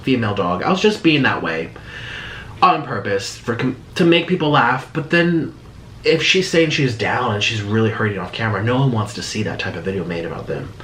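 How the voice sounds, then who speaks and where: A man's voice: fairly low pitch, animated, brisk, a bit bright. A man reacting to a video in casual commentary, rambling and restarting his sentences with sarcastic asides. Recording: echoey room with faint noise.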